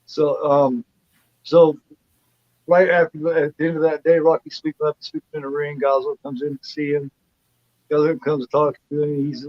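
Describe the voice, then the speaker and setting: A man's voice: on the high side, level tone, normal speed, dry recording. Rambling man chatting about a film. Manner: rambling retelling, heavy "you know" fillers and restarts. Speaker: co-host of a film review livestream. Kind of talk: casual film review chat. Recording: dull lo-fi dry sound.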